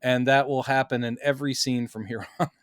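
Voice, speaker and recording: A man's voice: mid-range voice, fairly even intonation, a little fast, no echo, clean studio sound. A man co-hosting a podcast in casual chat, acting out quoted lines with animation. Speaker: podcast co-host.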